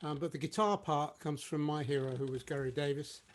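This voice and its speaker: A man's voice: fairly high pitch, fairly even intonation, a little fast, a little hiss or hum. A man introducing a blues guitar piece with a rambling, chuckling anecdote, recorded at home for an online session. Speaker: guitarist and singer. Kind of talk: casual spoken introduction.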